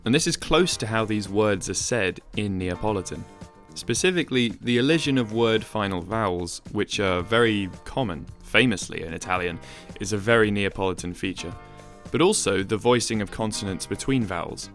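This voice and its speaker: A man giving a measured, explanatory, scripted narration for a video essay. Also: on the low side, lively intonation, a bit bright, faint music behind.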